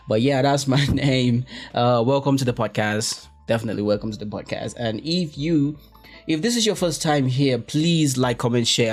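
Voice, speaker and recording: A young man hosts a casual solo podcast, rambling and correcting himself as he goes. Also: mid-range voice. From West Africa. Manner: rambling, self-correcting, joking, exclaims in quoted reactions. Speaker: podcast host.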